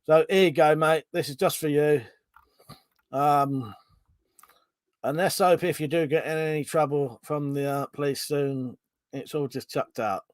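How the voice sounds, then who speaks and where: A man's voice: a little high, unhurried, no echo. A man hosting a livestream, chatting casually and reading viewer comments aloud, laughing often and swearing freely. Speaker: livestream host.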